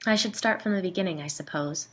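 A woman voicing a calm, wry older woman, a grandmother, in a measured, dry way in a storybook reading. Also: on the low side.

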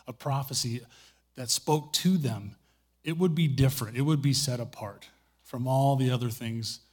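A man's voice: medium pitch, husky. A middle-aged man preaching in a church, telling stories in a conversational way and pleading earnestly with the congregation. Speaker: pastor. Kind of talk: sermon. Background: guitar playing.

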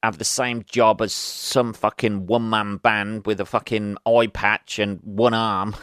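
Sweary podcast host ranting. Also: male voice, fairly low pitch, little pitch movement, unhurried, a bit bright, dry recording, studio quality. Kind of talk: casual solo podcast rant.

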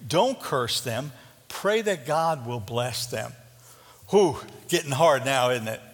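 A man preaching a sermon as pastor, conversational and earnest, dropping to a hushed intensity. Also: mid-range voice, expressive, takes it slowly. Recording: reverberant hall.

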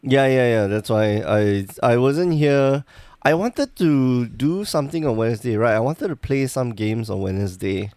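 A man's voice: medium pitch, unhurried, a little mellow, no room sound. A man hosting a casual podcast, joking and rambling, with a slight lisp from a sore tongue. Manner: joking, rambling, self-deprecating. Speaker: podcast host.

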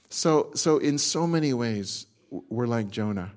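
Animated preacher telling a story. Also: male voice, mid-range voice, normal speed, hardly any pauses. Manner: animated storytelling with acted asides and frequent restarts. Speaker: pastor. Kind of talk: sermon.

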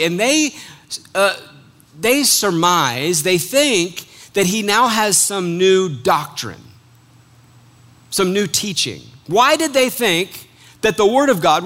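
A man with a fairly high voice preaching a sermon. He reads scripture aloud, then breaks it down in an animated, conversational way and jokes with his listeners. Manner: animated, conversational, joking with the congregation.

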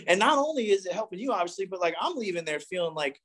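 A man's voice: sits high, sing-song, quick pace, a bit bright. A young man from the East Coast sharing a candid, profane, rambling recovery story with a group. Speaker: recovery meeting speaker. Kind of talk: candid personal testimony.

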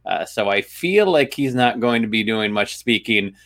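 A middle-aged man co-hosting a podcast with dry, deadpan delivery. His voice is low but has a sharp, forceful edge. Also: moderate pace. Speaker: podcast co-host. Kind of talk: casual podcast chat.

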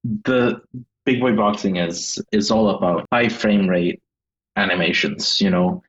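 Swedish guy, super deep voice, kinda hesitant, lo-fi muffled sound. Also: lively intonation, unhurried, creaky, fairly bright tone. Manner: hesitant, searching for words. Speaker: guest game designer. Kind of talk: casual interview chat.

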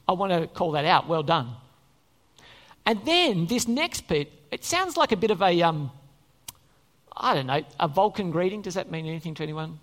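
Animated preacher in an echoing hall. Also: mid-range voice, normal speed. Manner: conversational, asks the congregation questions. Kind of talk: sermon. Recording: long reverb in a church hall.

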